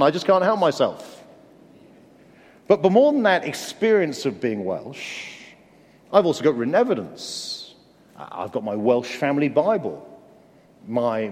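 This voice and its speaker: Lively earnest male preacher in a reverberant hall. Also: on the high side. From England. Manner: earnest, conversational with self-deprecating humor. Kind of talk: sermon.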